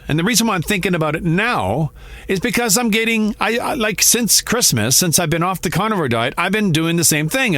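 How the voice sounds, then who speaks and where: A man's voice: mid-range voice, fairly bright tone, no room sound. A middle-aged man hosting a podcast, talking in a candid, rambling monologue that often corrects itself. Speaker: podcast host, trucker. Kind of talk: casual monologue.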